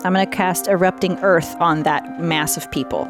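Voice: mid-range voice, fairly even intonation, moderate pace, over music. A player at a tabletop game who talks in a giggly, teasing way.

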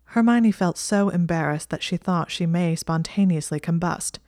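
A woman narrating fiction in a steady, measured reading style. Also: fairly low pitch, no echo, clean studio sound.

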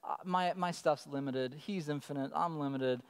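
A man in his thirties preaching a sermon as pastor, telling stories in an animated way and acting out his child's calls. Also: a little high, moderate pace, smooth. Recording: long hall reverb.

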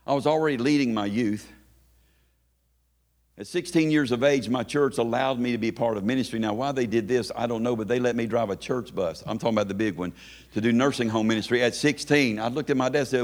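A man's voice: medium pitch, fast talker. A middle-aged man from Kentucky, preaching a sermon as a guest bishop, telling stories with self-deprecating humor and stammered restarts, then building into a rhythmic preaching cadence.

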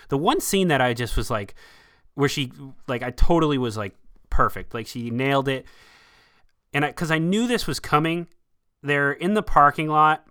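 Bright-voiced, enthusiastic male podcast host. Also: medium pitch, clear, resonant tone. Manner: animated and enthusiastic. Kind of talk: casual film review chat.

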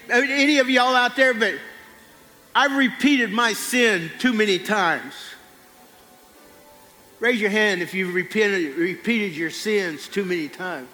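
A man preaching a sermon, telling a folksy personal story and dropping low on quiet lines. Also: big-room sound.

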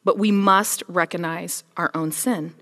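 A woman's voice: lowish voice, a little slow, big-room sound. A woman preaching a casual sermon, retelling scripture as a story and voicing the figures in it. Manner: casual, storytelling, animated with voiced quotes.

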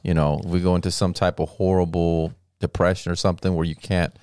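A man in casual podcast chat, tossing in quick jokes and one-liners. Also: low-pitched, level tone, darkish tone, slight background noise.

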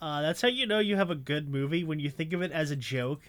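A man co-hosting a podcast in casual chat, laid-back and often trailing off into a low mutter. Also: animated, fast talker, a bit bright. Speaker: podcast co-host.

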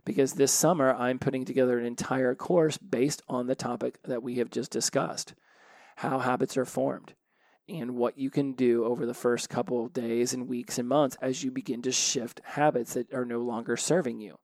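Male podcast host and habit coach, mid pitch, dry close sound, loose chatty delivery with restarts. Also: fairly even intonation, moderate pace, a little mellow, no echo. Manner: conversational, repeats and restarts words. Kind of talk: casual solo podcast talk.

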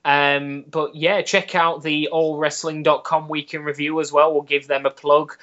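A man's voice: fairly high pitch, little pitch movement, normal speed, fairly bright tone. A man co-hosting a podcast in casual chat. He stumbles over his words and laughs often. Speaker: podcast co-host. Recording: slightly dull lo-fi audio.

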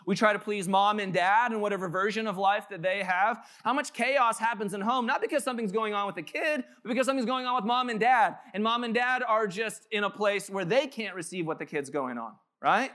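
A man's voice: high-pitched, fairly quick, few pauses, pushed and bright. A man in his thirties, a pastor telling joking, casual stories in a sermon at a church. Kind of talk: conversational sermon. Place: church sanctuary.

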